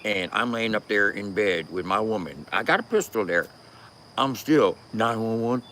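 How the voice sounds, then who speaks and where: A man's voice: lowish voice, lively intonation, normal speed, bright, forceful tone, a little hiss or hum. A man giving a casual, profane rant as a commentator, cursing and laughing often.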